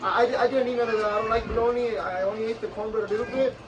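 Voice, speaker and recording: High voiced guy talking fast, flips between english and spanish, a bit far from the mic. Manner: code-switching between English and Spanish, lively retelling with acted quotes. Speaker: vlogger. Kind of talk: casual storytelling chat.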